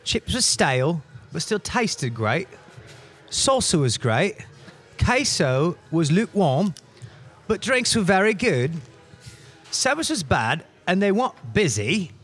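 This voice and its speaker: A man's voice: sits high, fairly bright tone, exaggerated voice. A man doing a clumsy put-on British accent to voice a fussy male restaurant reviewer, reading out complaints. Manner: hammy, self-mocking. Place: restaurant on location.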